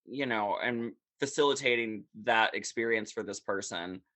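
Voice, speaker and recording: A man in his thirties speaking as a podcast guest, candid, profane and animated in casual talk. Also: fairly low pitch, normal speed, no room sound. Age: 30s.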